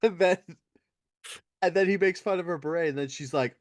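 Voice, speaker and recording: A man's voice: fairly high pitch, brisk, dry recording, studio quality. A man hosting a podcast, telling a story in a casual, profane, mocking way. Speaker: podcast host.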